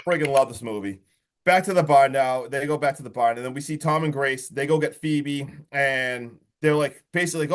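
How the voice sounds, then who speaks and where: Guy on a podcast rambling thru a movie plot, kinda high voice, super hyped and casual. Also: a little fast. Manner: excited, rambling retelling full of "like" and "friggin'". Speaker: podcast co-host.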